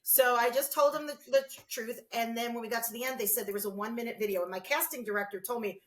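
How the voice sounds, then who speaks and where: A middle-aged woman talking as a guest in a casual interview, lively and theatrical, acting out what people said to her. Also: a little high, quick pace. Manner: animated, acts out quotes in big voices.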